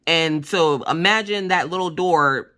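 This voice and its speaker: A woman vlogger chatting casually while crafting, telling stories from home in an animated, blunt way and acting out what people said. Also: on the low side, measured pace. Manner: animated, acts out quoted voices. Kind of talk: casual storytelling chat.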